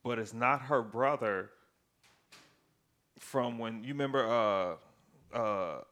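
A man's voice: medium pitch, slow. A man casually recapping a TV series with lots of swearing, acting out the characters' lines as he goes. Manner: profane, animated storytelling with acted-out quotes. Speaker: podcast co-host.

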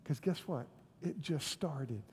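A pastor preaching a sermon and giving an altar invitation, swinging from loud pleading to hushed, near-whispered lines. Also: mid-range voice, animated, takes it slowly, breathy edge. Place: church sanctuary with live congregation. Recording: long hall reverb with faint music.

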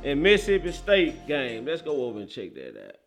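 A man from Memphis with a Southern accent hosting casual sports talk, excitable and often laughing and exclaiming. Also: fairly high pitch, brisk, over loud music. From Memphis, Tennessee. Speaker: sports show host.

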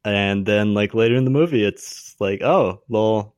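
A man co-hosting a casual movie review chat, talking hesitantly with many pauses. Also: lowish voice, clean tone, no room sound, clean studio sound. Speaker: podcast co-host.

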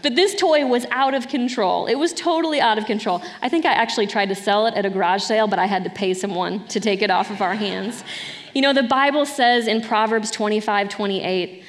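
A woman's voice: medium pitch, a little fast, long reverb tail. A middle-aged woman pastor preaching a sermon in an earnest, conversational way, with light laughs between points.

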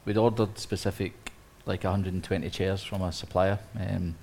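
A man, an interior designer, telling a lively story on a live panel, acting out quotes with many restarts. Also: sits low, moderate pace. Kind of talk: anecdote on a live panel talk.

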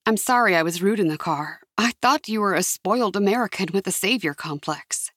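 A grieving young woman speaks quietly and bluntly, read by a woman. Her voice is a bit husky, close and dry. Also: medium pitch, expressive, brisk, no echo. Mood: somber.

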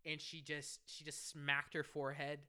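Young man, podcast host, bright tone, smooth clear voice, rambling storyteller. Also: a little high, moderate pace. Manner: rambling, animated storytelling with swearing and laughter. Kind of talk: casual storytelling chat.

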